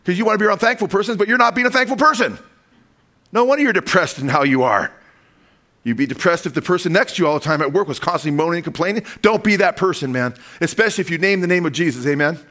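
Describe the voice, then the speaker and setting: A middle-aged man preaching a sermon, animated, with call-and-response amens. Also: high voice, fast talker. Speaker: pastor.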